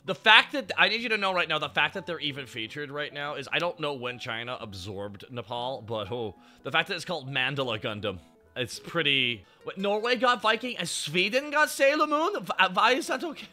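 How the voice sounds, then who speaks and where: Lively, bright-voiced male streamer. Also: fairly high pitch, a little fast, faint music behind. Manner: animated, swearing and laughing often. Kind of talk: casual chat.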